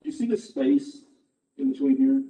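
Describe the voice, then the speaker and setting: Dark-voiced man in distant echoey recording. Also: extremely high pitch, very animated, moderate pace. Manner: checks in with short questions. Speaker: chiropractor showing an X-ray to a patient. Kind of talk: explaining to a patient.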